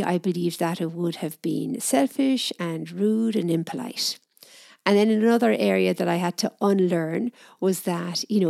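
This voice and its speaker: A middle-aged woman telling a personal story in a gentle, soft-spoken, reflective way. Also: fairly low pitch, creaky, dry recording, clean studio sound. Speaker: speaker sharing personal experience.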